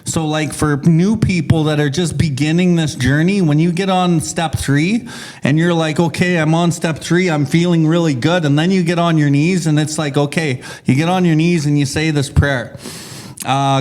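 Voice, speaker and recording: A man talks through a recovery study in a loose, rambling way, swearing as he goes. His voice sits a little high for a man. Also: normal speed, darkish tone. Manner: swears freely, rambling storytelling. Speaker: podcast co-host. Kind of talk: casual recovery group discussion.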